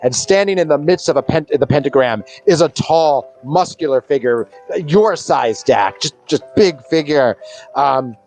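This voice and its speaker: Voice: mid-range voice, expressive, unhurried, darkish tone, soft background music. A game master narrating a tabletop game scene in a loose, rambling way full of restarts. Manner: rambling, many fillers and restarts.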